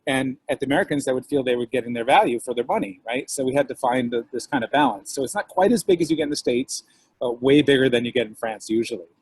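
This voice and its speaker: Husky guy on a video call telling diner stories, dry close sound. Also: mid-range voice, fast talker, no echo. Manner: animated storyteller, acts out customers' voices. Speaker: guest author and diner owner. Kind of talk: casual video call chat.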